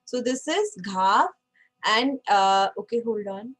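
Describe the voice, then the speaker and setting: A woman's voice: medium pitch, lively intonation, takes it slowly, poor audio. A woman teaching an online French class, patient and checking in with frequent okays.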